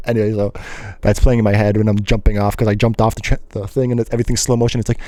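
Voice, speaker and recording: A young man tells a rambling story on his solo podcast, animated and breaking into loud yelps and snatches of song. His voice is warm and dark. The sound is dry and close, with no room around it. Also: on the low side, very fast, hardly any pauses, dry recording. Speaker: host.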